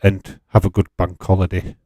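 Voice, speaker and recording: Yorkshire bloke, stream host, low-ish voice, dry close mic, relaxed and chuckly. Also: male voice, normal speed, no room sound. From England. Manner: chatty and laid-back, chuckling often, light swearing. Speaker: livestream host. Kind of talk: casual live-stream chat, reading out viewer comments.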